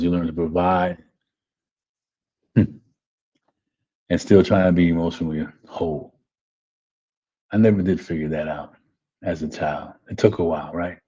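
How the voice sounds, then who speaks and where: Hosting a live webinar, a life coach with a mellow, lowish voice gives a motivational talk. He's repetitive, constantly saying "man" and asking "right?", and the audio is dull and lo-fi.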